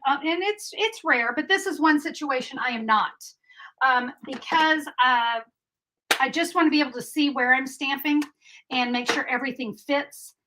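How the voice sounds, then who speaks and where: A woman's voice: sits high, sharp tone, poor audio. A middle-aged woman giving a chatty, upbeat live card-making tutorial and answering viewer comments as she goes.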